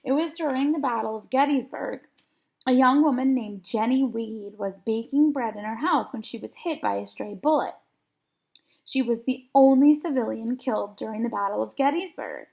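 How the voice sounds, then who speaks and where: A steady, reassuring Civil War general addresses a class in a storybook read-aloud, his lines spoken by a woman. The voice sits high with a gravelly edge, and the delivery stays even and patient. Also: normal speed. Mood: calm. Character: calm male school visitor posing as a Civil War general.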